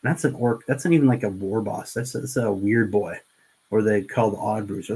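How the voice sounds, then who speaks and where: A man's voice: mid-range voice, moderate pace, a little mellow, husky, low-quality recording. A middle-aged man hosting a casual livestream while painting miniatures, rambling and earnest with frequent restarts.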